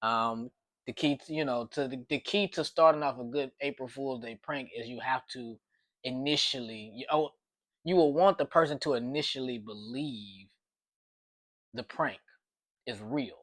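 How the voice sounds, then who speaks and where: A man telling a story casually, at a mid pitch. He rambles, restarts and repeats himself as he goes. The sound is dry and close-miked. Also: normal speed, a bit bright, no echo.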